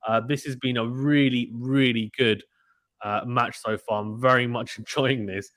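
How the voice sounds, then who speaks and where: A man doing casual live play-by-play tennis commentary, reading out chat messages in an excitable, slangy way. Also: medium pitch, moderate pace, dry recording. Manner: chatty, excitable, uses British slang.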